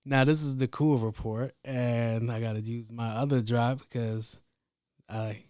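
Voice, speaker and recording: Male podcast host, mid-pitched, cursing and rambling through a story, dry close mic. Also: measured pace, no room sound. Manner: profane, rambling, animated retelling. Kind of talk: casual solo podcast storytelling.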